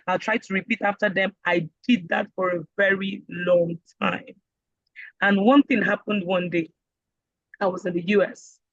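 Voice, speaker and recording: A Nigerian woman teaching a casual online speaking class, lively and joking as she acts out voices. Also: mid-range voice, no room sound, dull audio. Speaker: IELTS speaking instructor.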